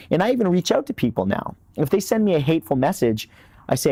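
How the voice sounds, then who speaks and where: A man's voice: on the high side, very animated, fast talker, a little mellow, no echo, studio quality. A man, speaking earnestly as an interview guest and repeating words when stressing a point. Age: 30s. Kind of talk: candid interview talk.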